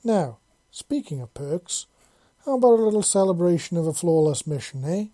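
A bold robot woman soldier from an audiobook story, teasing and playful in every line, as the narrator puts her on. The voice is very dark and mellow, close and dry with no room around it. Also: mid-range voice, lively intonation, normal speed, no echo, pitched above the performer's own voice, lightly acted.

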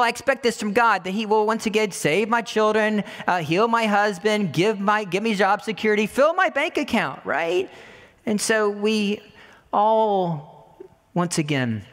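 A woman's voice: fairly high pitch, a bit bright. Woman preacher, sermon, chatty delivery, repeats words for emphasis, rhetorical questions, long reverb of a church hall.

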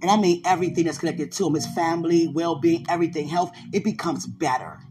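A podcast host who is also a preacher and gospel rapper talks casually and animatedly about faith and preaching, speaking fast in a low voice over music. She laughs often and addresses her listeners directly.

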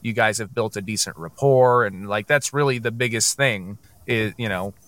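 Bright-voiced man, dry close sound. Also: on the low side, dry recording. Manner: halting, filler-heavy talk. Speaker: podcast co-host. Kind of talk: casual chat.

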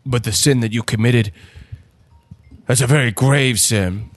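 A man playing a flustered, stammering priest in an improvised comedy bit, with a husky voice. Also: mid-range voice, measured pace, dry recording. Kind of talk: improvised comedy role-play.

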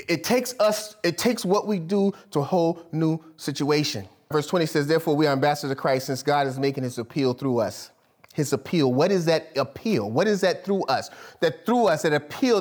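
A man delivering a sermon to his congregation, with a voice that sits a bit above the usual male range. He preaches in a lively, conversational way, breaking into laughter and side remarks as he goes. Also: fairly high pitch, fairly quick. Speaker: pastor.

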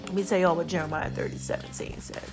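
Speaking fast in a lowish, steady voice, a woman gives her viewers a fervent faith testimony over soft background music. A tight throat leaves her a little choked up, and she emphasizes by repeating herself.

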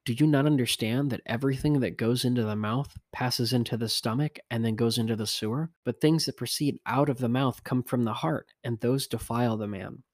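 A man reading the words of Jesus as a grave teacher, in a measured, even scripture-reading voice. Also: medium pitch, dry recording, clean studio sound, close to an everyday voice. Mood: solemn.

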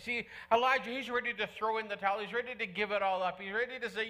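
A man's voice: sits high, fairly even intonation, fast talker, hardly any pauses, bright, forceful tone. A middle-aged male pastor preaching a sermon in church, earnest and conversational, repeating key phrases for emphasis.

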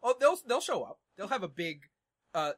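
A young man with a high, animated, bright voice co-hosts a relaxed podcast. He adds dry asides and laughs along with his friend. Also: moderate pace. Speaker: podcast co-host. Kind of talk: casual chat recapping a TV episode.

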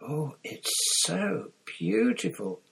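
A man voicing an awestruck teenage schoolgirl in a breathy whisper. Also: medium pitch, very animated, normal speed, voice pushed up, heavily acted. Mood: awed.

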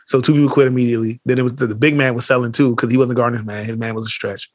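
A man co-hosting a podcast in casual chat, telling animated stories full of slang and swearing, acting out what others said. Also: mid-range voice, racing, no echo, clean studio sound. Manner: animated storytelling, acts out quotes, heavy slang and swearing. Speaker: podcast co-host.

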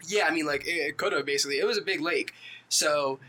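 Bright-voiced man telling a story. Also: a little high, fast. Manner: animated storyteller, joking banter. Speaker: podcast host. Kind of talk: casual chat.

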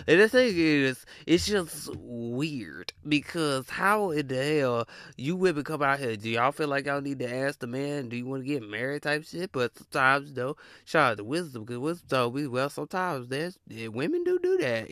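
A man ranting in a blunt, animated, slang-heavy monologue as podcast host, laughing often. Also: mid-range voice, no echo, clean studio sound.

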